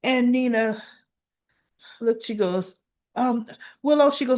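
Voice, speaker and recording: A woman casually recapping a soap-opera episode in a chatty, animated way. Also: a little high, slow, pauses often. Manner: chatty, animated retelling with laughs.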